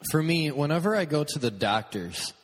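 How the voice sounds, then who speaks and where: A man's voice: a little high, very animated, normal speed, in a large hall. A man hosting a podcast, giving a message through humorous, self-deprecating personal stories and acting out what people said. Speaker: youth speaker and podcast host. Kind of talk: storytelling sermon.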